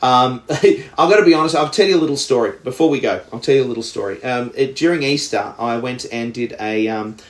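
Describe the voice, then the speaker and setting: A man's voice: mid-range voice, brisk, hardly any pauses, roomy sound. An Australian man co-hosting a podcast, telling a story in a rambling way with lots of restarts and fillers. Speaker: podcast co-host. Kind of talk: casual chat.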